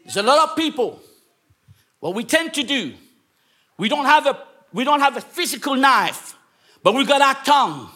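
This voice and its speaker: Bright-voiced high-pitched male preacher. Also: lively intonation, moderate pace, pauses often. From England. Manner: preaching with storytelling and shouted exhortations. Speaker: pastor. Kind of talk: sermon. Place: church.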